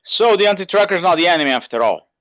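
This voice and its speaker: A man's voice: high voice, animated, fast talker, a bit bright, dry recording. A man in a casual online group chat who cuts in often and gives blunt opinions. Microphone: online call. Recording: dry muffled call audio.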